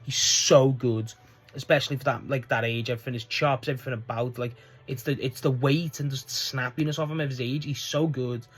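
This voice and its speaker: A man's voice: medium pitch, fairly even intonation, brisk, husky. A man giving a casual spoken review of a wrestling show, rambling with lots of fillers and swearing. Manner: rambling, profane, frequent restarts and fillers.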